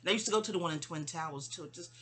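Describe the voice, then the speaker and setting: A woman from New York speaking in a rambling, digressive personal monologue addressed to her mother, full of restarts and asides, often dropping soft. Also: lowish voice, racing, husky. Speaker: vlogger.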